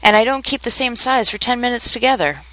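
Alice, a woman doing a higher, shy girl's voice. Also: lively intonation, fast, bright, forceful tone, no echo, rough recording. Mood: shy, polite. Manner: polite and hesitant. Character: polite, shy, bewildered little girl.

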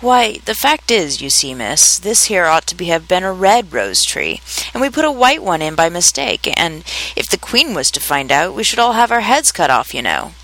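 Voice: big pitch swings, normal speed, pushed and bright, rough recording. A reader doing a nervous, humble gardener. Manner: low, nervous explaining. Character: anxious, humble male gardener.

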